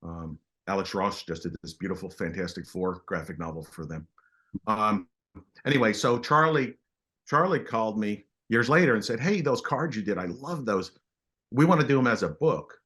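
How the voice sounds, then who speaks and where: A middle-aged man with a lowish voice tells stories as a guest artist in a casual interview. He's animated but halting, restarting often.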